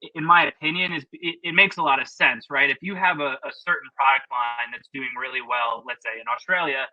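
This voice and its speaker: A man's voice: medium pitch, fairly quick, no room sound, lo-fi sound. A man presenting a webinar in a casual, chatty, opinionated way with plenty of fillers, over a video call.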